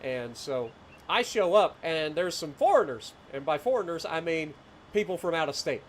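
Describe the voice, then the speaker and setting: A man in his late thirties with a rural southeastern Ohio accent chats on a gameplay livestream, greeting chat, telling rambling stories, and chuckling often. His voice is a little high and expressive at a normal speed, with slight background noise.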